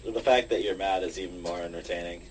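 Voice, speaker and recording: Deep-voiced man needling jokingly. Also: fast talker, far from the mic, slight background noise, low-quality recording. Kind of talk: casual group chat.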